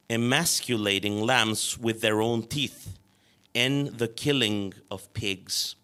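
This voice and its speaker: Man, author reading his story, slow, bright tone. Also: medium pitch. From Chile. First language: Spanish. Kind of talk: reading his own fiction aloud.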